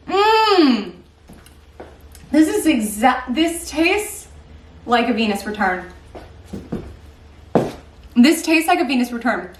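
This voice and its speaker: A woman chatting in a casual vlog, bubbly and gushing. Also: on the high side. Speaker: astrology vlogger.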